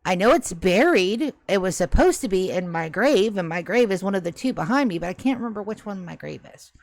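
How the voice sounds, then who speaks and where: A woman's voice: mid-range voice, animated, brisk, vocal fry, dry recording. A woman voicing a centuries-old ghost who is stuck and anxious, stammering and rambling as she begs for help during a tabletop game. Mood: flustered. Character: restless centuries-old ghost, pleading and flustered. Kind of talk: tabletop game role-play.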